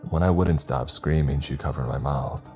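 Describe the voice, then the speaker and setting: Brief: male horror narrator, very low and mellow, steady measured read, faint music underneath. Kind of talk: scripted first-person horror narration.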